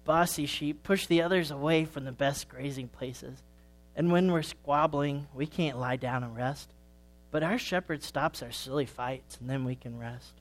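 A man voicing the oldest ewe of the flock, a kind and wise grandmother sheep, explaining things gently and patiently in a storybook. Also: a little high, measured pace.

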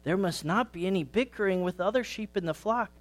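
A man voicing the oldest ewe of the flock, a kind and wise grandmother sheep, explaining things gently and patiently in a storybook. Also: sits high, a little fast, voice pushed up, natural voice.

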